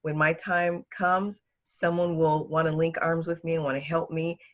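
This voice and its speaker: A woman's voice: low-pitched, flat delivery, normal speed. A woman executive coach being interviewed, giving advice emphatically and repeating words for stress.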